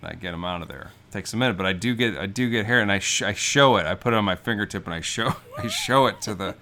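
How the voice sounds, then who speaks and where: This podcast co-host talks fast in a lowish, bright, forceful voice. He rambles through absurd comedic tales in loose conversation, leaning on fillers.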